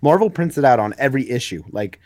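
A man's voice: medium pitch, lively intonation, quick pace, darkish tone, dry recording, studio quality. A young man co-hosting a comics podcast in casual, rambling chat, full of fillers. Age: young adult. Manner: rambling, many fillers, acts out quotes. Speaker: podcast co-host.

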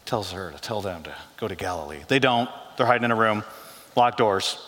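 A man preaching a sermon as pastor, animated and joking, dropping his voice low for quoted lines. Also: brisk, slight background noise. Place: church sanctuary. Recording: long hall reverb.

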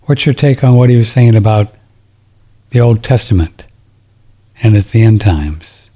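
A man's voice: fairly low pitch, lively intonation, measured pace, warm tone. A middle-aged man hosting a talk radio show, rambling and indignant, often restarting his sentences. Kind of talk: casual talk radio monologue.

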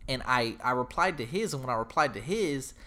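A man hosting a casual podcast who tells stories in an animated, profane way. He acts out what other people said as he goes. His voice sits at an ordinary middle pitch. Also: fairly quick. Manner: animated, profane storytelling, acts out quoted lines. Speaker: podcast host. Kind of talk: casual storytelling chat.

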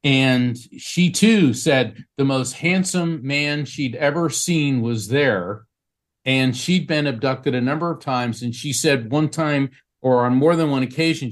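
A man appearing as a guest psychic medium, telling a story in an interview and acting out the people he quotes. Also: medium pitch. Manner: animated storyteller who acts out quoted speech. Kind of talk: storytelling in a talk show interview.

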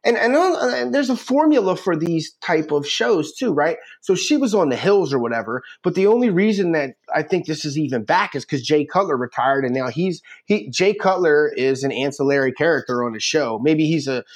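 A man's voice: a little high, animated, normal speed, few pauses. A man co-hosting a sports podcast, ranting brashly in casual banter and poking fun at himself. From Philadelphia area, United States. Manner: brash, ranting, self-mocking. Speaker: podcast co-host.

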